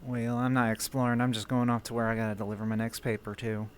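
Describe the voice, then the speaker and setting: A man's voice: mid-range voice, monotone, quick pace, a little hiss or hum, close to an everyday voice. A man playing a courteous young man who delivers papers, speaking with a Southern US accent and calling strangers sir. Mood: friendly. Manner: courteous, calls people sir.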